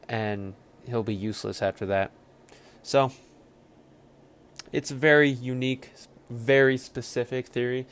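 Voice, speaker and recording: A man hosting a football podcast in a loose, rambling way, swearing freely and acting out players' voices in his asides. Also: medium pitch. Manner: rambling, profane, animated asides with quoted voices. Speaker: podcast host. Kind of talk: casual football commentary.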